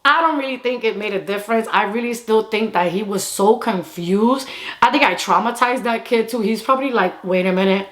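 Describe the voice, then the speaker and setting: A young woman vlogger telling a funny personal story in a fast, animated way, slipping Spanish phrases into her English. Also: fairly high pitch. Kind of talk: casual storytime.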